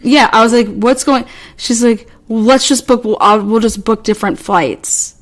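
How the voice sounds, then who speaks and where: A woman's voice: a little high, steady tone, normal speed. A woman co-hosting a podcast, telling a story in a rambling, exasperated way, swearing freely and restarting often. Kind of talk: casual storytelling chat.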